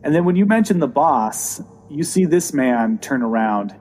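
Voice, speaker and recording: Mellow-voiced male dungeon master. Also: lively intonation, normal speed, rough recording. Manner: describes scenes with fillers, drops to a low voice for villains. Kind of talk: narrating a tabletop game.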